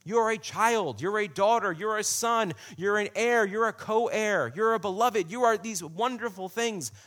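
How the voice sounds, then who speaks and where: Brief: male pastor, fairly high voice, casual direct sermon style. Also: normal speed, a bit bright. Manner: conversational, addresses the congregation directly.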